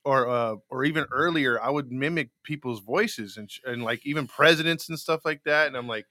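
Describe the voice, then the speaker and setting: Bright-voiced man telling stories. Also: medium pitch, brisk, no echo, clean studio sound. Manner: storytelling, laughs often, repeats words. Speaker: podcast co-host. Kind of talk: casual live-show chat.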